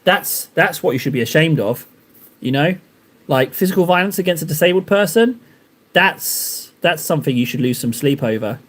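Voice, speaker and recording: A man's voice: a little high, animated, normal speed, fairly bright tone. A man chatting casually on a live stream while painting miniatures, rambling and joking at his own expense. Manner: rambling, joking, self-mocking.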